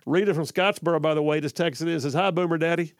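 A radio talk show host broadcasts live from a studio in a slightly high voice, talking fast. He's chatty and joking, repeating himself often, and is picked up on a studio microphone.

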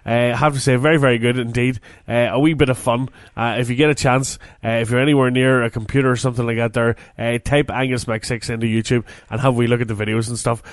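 A man's voice: medium pitch, little pitch movement, fast, few pauses, dry recording, clean studio sound. A man hosting a radio music show, joking and rambling with plenty of fillers. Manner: jokey, rambling, with many fillers. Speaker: radio host. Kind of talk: casual radio banter.

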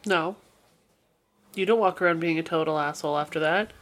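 Bright-voiced teasing woman cohost. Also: low voice, fairly quick. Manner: teasing, dry quips. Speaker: podcast cohost. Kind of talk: casual chat.

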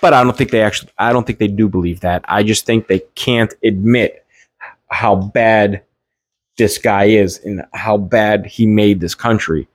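A man's voice: lowish voice, steady tone, unhurried, no echo. Man ranting with heated profanity. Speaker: political commentator. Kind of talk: casual ranting monologue.

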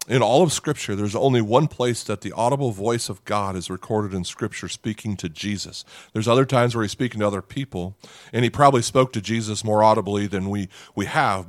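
A middle-aged man preaching with earnest, dramatic delivery. He slows down and lets pauses land for emphasis, and his voice sits in an ordinary middle pitch. The recording is dry and close. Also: dry recording. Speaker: pastor. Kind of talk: sermon.

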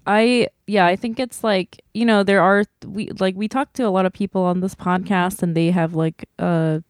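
A woman hosts a casual podcast chat, speaking earnestly and gushing, with plenty of "like" sprinkled between words. Her medium-pitched voice is smooth and steady at a moderate pace, captured in a dry, studio-quality recording.

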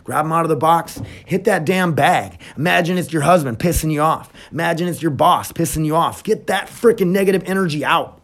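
Energetic, profane man hosting a podcast. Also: on the high side, a little fast, few pauses. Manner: blunt, profane, energetic then reflective. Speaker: podcast host. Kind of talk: casual solo podcast talk.

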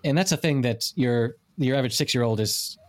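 A man's voice: medium pitch, brisk. A man in his forties, hosting a casual podcast chat and rambling with many restarts.

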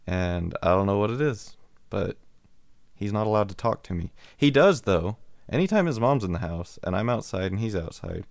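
A man with a low, gravelly voice hosts his show and drifts into a casual story. He rambles, restarts his sentences and chuckles along the way. The sound is dry and close, with no room echo. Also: very animated, moderate pace. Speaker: radio show host.

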